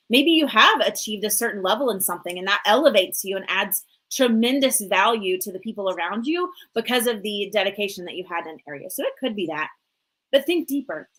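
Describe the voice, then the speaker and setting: A woman in her forties hosting a live motivational talk show, energetic and chatty, full of "like" and "you know". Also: mid-range voice, brisk, poor audio. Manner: energetic, chatty, many fillers. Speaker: host and coach.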